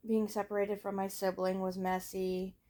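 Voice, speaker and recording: A teenage woman casually telling her own life story, frank and rambling, with lots of fillers and swearing, often trailing off softly at the ends of thoughts. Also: mid-range voice, flat delivery, normal speed. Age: late teens. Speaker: vlogger.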